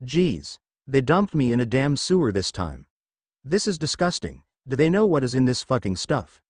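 A man voicing a brash, foul-mouthed young ninja boy who complains loudly, in a fan fiction reading. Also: mid-range voice, very animated, moderate pace, no room sound, clean studio sound. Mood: exasperated. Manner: loud, exasperated, swearing.

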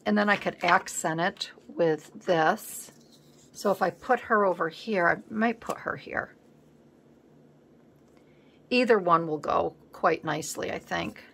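A woman hosting a collage video, chatting casually as she works at a home craft table, rambling and thinking aloud, sometimes dropping to a soft murmur. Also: fairly low pitch, unhurried, vocal fry, long pauses, breathy edge. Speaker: collage artist host.

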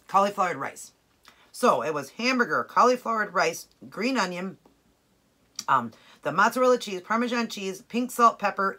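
A woman with a medium-pitched, slightly bright voice chats casually and enthusiastically to camera about a home-cooked meal, tasting it as she talks. She is a keto cooking vlogger.

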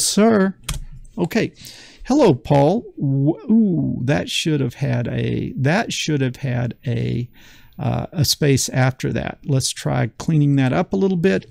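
A man's voice: medium pitch, vocal fry, darkish tone, no room sound, studio quality. A man teaching a beginner programming lesson in a folksy, enthusiastic way, often repeating phrases for emphasis. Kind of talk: screen-recorded coding lesson.

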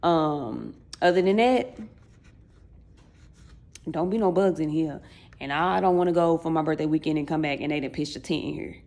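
This is a woman in her late twenties talking casually to her viewers, full of folksy slang. Her voice sits low and has a gravelly, fry-heavy texture. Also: normal speed, long pauses, darkish tone. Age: late 20s. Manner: chatty, talks straight to viewers, folksy slang. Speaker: vlogger.

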